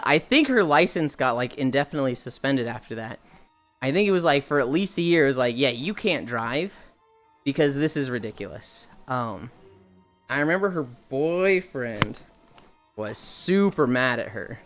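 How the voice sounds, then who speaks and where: A woman streamer telling a casual story while walking, lively and swearing, putting on higher voices when she quotes people. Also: moderate pace, faint music behind.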